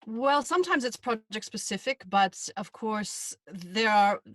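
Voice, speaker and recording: An American woman, a voiceover artist, explaining voice work in a relaxed interview chat. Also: medium pitch, measured pace, no room sound. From United States. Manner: demonstrates inflections while explaining.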